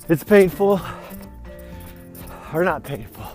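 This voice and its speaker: Fairly high-pitched and expressive, the man speaks at a measured pace with frequent pauses, his tone darkish, faint music behind him. As a vlog host strolling outdoors and slightly winded, he rambles cheerfully through a casual pep talk, often repeating "you know what."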